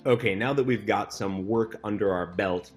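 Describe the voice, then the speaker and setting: A man with a very low voice walks through a memory lesson step by step. He talks patiently and repeats himself, with faint music playing behind him. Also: moderate pace. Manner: patient, repetitive explaining with fillers. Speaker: magic instructor. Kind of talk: instructional narration.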